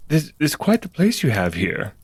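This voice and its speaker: A man's voice: a little high, wildly swooping pitch, moderate pace, slightly rough, no echo. A man playing a character in a tabletop game, speaking politely with some hesitation. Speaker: player. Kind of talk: in-character role-play.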